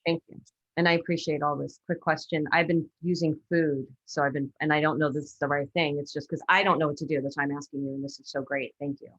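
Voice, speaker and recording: A woman from Brooklyn asking a dog trainer for advice in quick, rambling bursts over a video call. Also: deep voice, flat delivery, muffled recording. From Brooklyn, New York. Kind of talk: casual questions on a video call.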